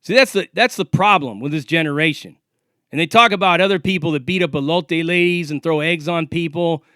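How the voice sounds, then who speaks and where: A man's voice: on the high side, fairly quick, pushed and bright, smooth, dry recording, studio quality. Profane, confrontational man in his forties. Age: 40s. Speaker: vlogger. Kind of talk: ranting monologue to camera.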